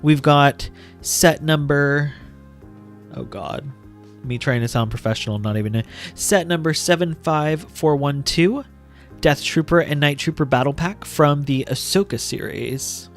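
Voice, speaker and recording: A man's voice: on the high side, normal speed, faint music behind. A man hosting a casual LEGO building vlog, chatting playfully with self-mocking jokes and rambling asides. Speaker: LEGO building channel host.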